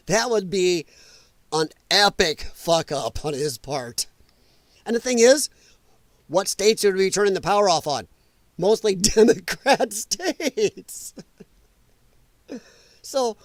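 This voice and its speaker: A man's voice: high voice, big pitch swings, unhurried, long pauses, no room sound. A man hosting a casual political livestream, talking loosely and profanely, laughing often and answering chat comments. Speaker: livestream host.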